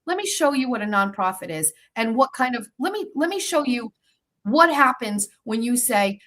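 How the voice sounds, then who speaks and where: Brief: young woman host, slightly high voice, heated and profane, repetitive emphasis. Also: sing-song, normal speed, sharp tone, rough recording. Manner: defiant, profane, repeats herself. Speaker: show host. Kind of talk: heated livestream monologue.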